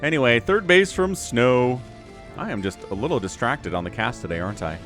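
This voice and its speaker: A man giving casual esports commentary as caster, chatty and rambling, getting excitable at the action. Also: mid-range voice, a little fast, faint music behind. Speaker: game caster.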